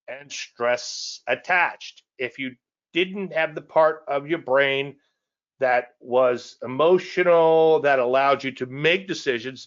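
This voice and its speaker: A man's voice: mid-range voice, fairly bright tone. Chatty male trading teacher, slightly muffled. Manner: conversational and digressive, chuckles at his own asides; repeats phrases and restarts sentences. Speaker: trading educator hosting a live weekly show. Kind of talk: live trading presentation.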